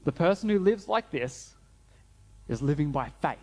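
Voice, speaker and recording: A man preaching a sermon, earnest, slowing down and dropping low to stress key phrases. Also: expressive, a little mellow. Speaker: pastor.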